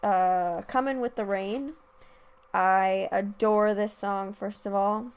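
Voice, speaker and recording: A woman's voice: medium pitch, steady tone, slow pace, clear, resonant tone. A young woman hosting a casual solo podcast, chatting about songs with many ums and restarts and singing short quoted lines. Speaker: podcast host, music reviewer.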